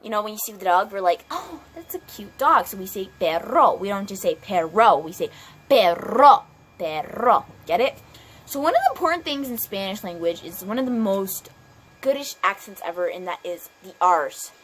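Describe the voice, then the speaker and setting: A woman's voice: mid-range voice, expressive, a little fast, a little hiss or hum. A woman acting as a Spanish teacher in a playful home video, chatty and full of fillers, repeating herself often.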